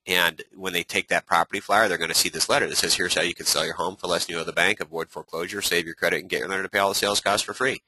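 This real estate coach speaks rapid-fire in a low voice with hardly a pause, running a lively webinar full of rhetorical questions and acted-out homeowner conversations. There's no room sound, though the audio quality is rough.

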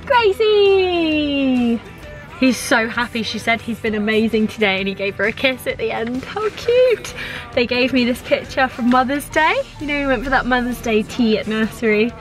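A young mum talking straight to camera in a casual family vlog, with a fairly high voice that jumps even higher when she gets excited. She speaks openly and emotionally. Faint music plays behind her. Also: fairly quick, hardly any pauses. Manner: chatty, candid and emotional, with sudden high exclamations. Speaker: family vlogger.

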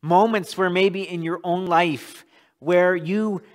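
A man's voice: high-pitched, steady tone, takes it slowly. A male pastor preaching a sermon in a church, earnest and often repeating words as he restarts a thought.

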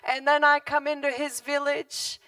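A woman preaching a sermon in church, telling a story with animated delivery, frequent laughter and acted-out quoted voices. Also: high-pitched, moderate pace, no room sound, distant mic. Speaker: guest preacher.

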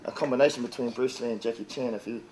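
A man's voice: medium pitch, fast talker, darkish tone. An eager, boastful man, chatting casually as an aspiring actor. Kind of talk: casual chat. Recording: roomy echo with faint noise.

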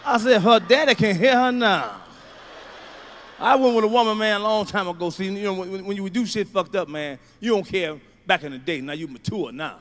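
A middle-aged male stand-up comedian doing a profane routine, swinging from low mutters to loud shouts. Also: brisk, hardly any pauses.

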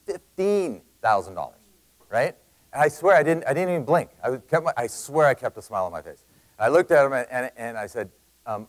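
A Canadian man giving an energetic sales talk to a live audience, telling a story in quick bursts with loud emphasis. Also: medium pitch, low-quality recording. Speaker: sales speaker.

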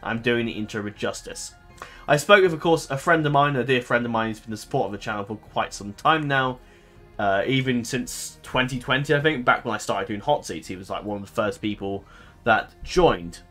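A man's voice: mid-range voice, a little fast, fairly bright tone, soft background music. A man hosting a gaming channel, chatting casually to his viewers in a rambling, hesitant way, often correcting himself and filling gaps with ums.

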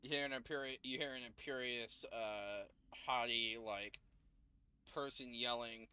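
A man narrating a tabletop game as game master, animated and quick to laugh. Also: mid-range voice, smooth, no room sound. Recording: dull lo-fi mic.

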